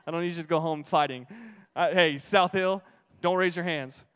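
Brief: high-pitched young male pastor, playful storyteller, long reverb of a church hall. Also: moderate pace, clear, resonant tone. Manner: energetic, humorous, repeats key phrases. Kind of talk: sermon with storytelling. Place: church sanctuary.

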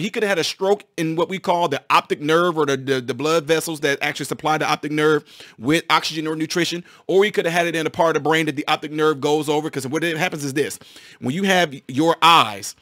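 A man, a former physical therapist, explaining a medical topic to his viewers in a casual, excited way, often restarting and repeating phrases. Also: on the high side, dry recording, clean studio sound.

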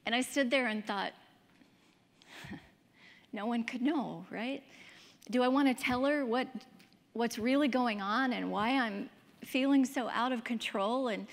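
A woman's voice: on the high side, a little slow, vocal fry, pauses often. A woman in her fifties giving a candid personal testimony as a speaker, in a conversational storytelling way. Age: 50s. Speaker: pro-life speaker. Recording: long hall reverb.

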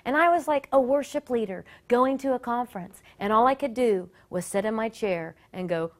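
A woman worship leader sharing a personal testimony story in an earnest, animated way that often breaks off and restarts. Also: a little high, unhurried. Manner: earnest and animated, with many self-interruptions.

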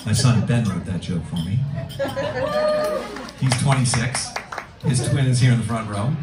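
A middle-aged man works a restaurant room in a live stand-up set, rambling and self-deprecating with plenty of ums. His voice sounds roomy and distant from the mic. Music plays behind him. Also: mid-range voice. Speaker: stand-up comedian.

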